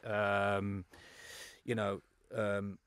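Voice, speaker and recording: A man's voice: lowish voice, completely flat delivery, extremely slow, fairly bright tone, smooth. A man, a former footballer, telling anecdotes in casual chat and often trailing off and restarting.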